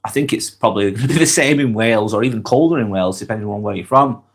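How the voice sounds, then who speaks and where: A man's voice: lowish voice, fast talker. A man with a Lancashire accent and a cold, hosting a casual live vlog and chatting back to viewer comments. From Lancashire, northwest England. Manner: chatty, reads out comments and answers them directly. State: has a cold. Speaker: live-stream vlog host.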